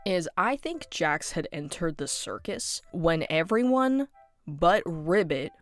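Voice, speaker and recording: A woman's voice: fairly low pitch, sing-song, slow, soft background music. A woman casually rambling about her ideas for a fan story, full of fillers like "like" and "um". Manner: rambling with many fillers and laughs.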